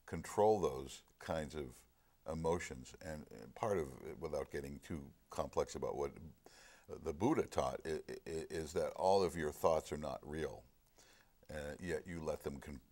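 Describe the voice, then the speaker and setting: Middle-aged man, very deep voice, earnest storyteller in casual talk. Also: measured pace, darkish tone. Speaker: film discussion guest. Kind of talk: casual chat.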